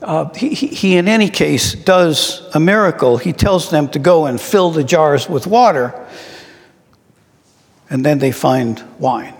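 A middle-aged man preaching a sermon, slow and reflective, asking his listeners questions. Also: a little high, expressive. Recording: long reverb in a large hall.

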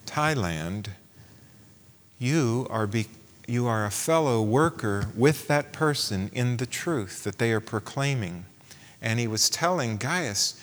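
A man's voice: medium pitch, a bit bright, long reverb tail. A man preaching a sermon, posing rhetorical questions and reading scripture aloud.

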